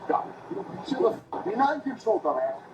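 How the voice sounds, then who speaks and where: A belligerent man at a traffic stop shouts and curses at the officers around him. His voice sits very high and lurches up and down. The bodycam audio is roomy and carries clear roadside noise. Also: very animated, fairly quick.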